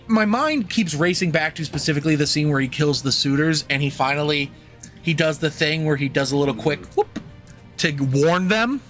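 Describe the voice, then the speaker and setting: A young man holds forth on a casual podcast, rambling and swearing freely as he jokes his way through a film review. His voice sits a touch high for a man, and faint music hums underneath. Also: a bit bright. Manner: rambling, profane, jokey. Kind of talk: casual chat.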